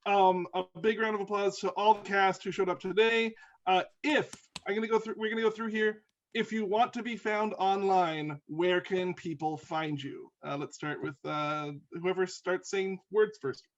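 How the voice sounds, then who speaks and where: A man hosting a live Q&A, talking in a relaxed, slightly fumbling way over a video call. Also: sits high, moderate pace. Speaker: host, moderator. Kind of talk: wrapping up a live Q&A. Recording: dull lo-fi video call audio.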